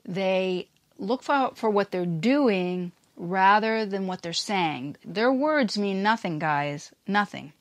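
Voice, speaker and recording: A woman's voice: medium pitch, animated, slow pace, few pauses, dry recording. Woman podcast host, emphatic casual explainer, dry and close. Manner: emphatic, acts out quoted lines in passing.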